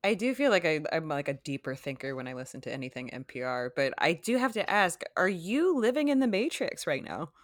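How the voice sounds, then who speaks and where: A woman's voice: low-pitched, big pitch swings, brisk, few pauses, dry recording, clean studio sound. A woman co-host of a podcast, chatting casually in a playful, joking way. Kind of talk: casual chat.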